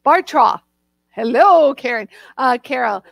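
A woman hosting a live online demo show, chatting casually and bubbly, warmly greeting viewers by name. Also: high voice, expressive, takes it slowly, creaky, dry recording, poor audio. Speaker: host of a live jewelry tool demo show. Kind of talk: casual live-stream chat.

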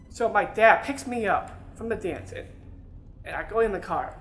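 A man's voice: high-pitched, lively intonation, moderate pace, a bit bright. A young adult man telling a personal story straight to his listeners, earnest and repeating words as he goes. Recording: roomy sound with faint music.

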